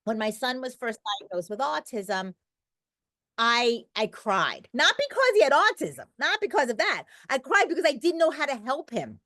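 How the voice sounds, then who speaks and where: A woman's voice: high-pitched, big pitch swings, normal speed, fairly bright tone, no echo. A middle-aged woman talking as a podcast guest, an emphatic and talkative storyteller in casual conversation. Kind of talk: conversational interview.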